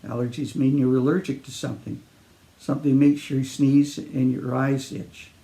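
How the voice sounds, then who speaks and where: A man voicing a gentle grandfather who calmly reassures his granddaughter at bedtime. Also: medium pitch, normal speed, creaky, reverberant, lightly acted. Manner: calm, reassuring. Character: gentle grandfather soothing a child.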